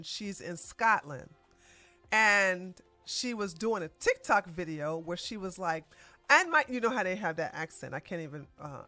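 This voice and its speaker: A woman's voice: on the low side, pushed and bright. A woman hosting her own channel, giving blunt, emphatic and scolding celebrity commentary.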